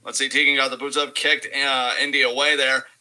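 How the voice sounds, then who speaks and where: Bright-voiced young man with dry sarcasm. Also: mid-range voice, flat delivery, a little fast, poor audio. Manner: dry and sarcastic, play-by-play calls. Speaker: co-host of a live wrestling reaction stream. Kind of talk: casual live reaction chat.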